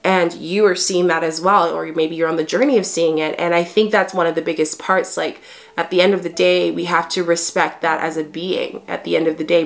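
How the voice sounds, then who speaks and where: A woman hosting a casual advice video, talking earnestly to her viewers as a spiritual coach, encouraging and repeating herself with "you know" fillers. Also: on the low side. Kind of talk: casual advice vlog to camera.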